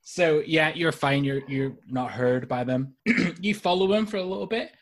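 A man narrating a tabletop game as dungeon master over a video call, with a casual, halting delivery full of fillers. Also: fairly high pitch.

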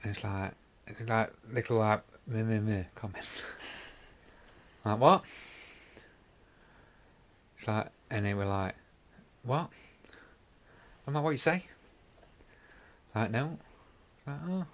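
Bantering with his co-host on a casual podcast, this man works through a long, rambling anecdote, growing animated whenever he jokes. His voice is on the low side, and he speaks at a measured pace, pausing often.

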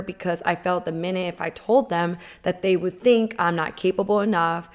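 A woman giving an earnest, emotional personal testimony, with emphatic pauses. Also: on the low side.

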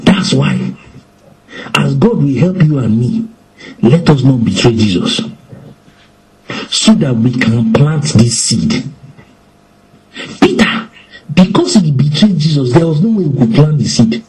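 A man preaching with animated delivery, acting out quoted lines in shifting voices. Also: medium pitch, unhurried, long pauses, poor audio. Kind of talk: lively preaching in conversation.

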